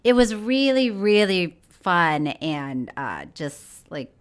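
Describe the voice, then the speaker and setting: A woman's voice: fairly low pitch, big pitch swings, takes it slowly, clean tone. A woman co-hosting a podcast in casual chat, giggly and gushing. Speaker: podcast co-host.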